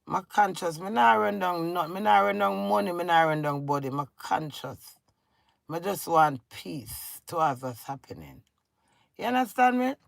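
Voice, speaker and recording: A woman's voice: mid-range voice, gravelly, dry recording. A middle-aged Jamaican woman ranting to her husband in a scolding, confrontational way, talking in patois. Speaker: vlogger. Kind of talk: emotional rant to camera.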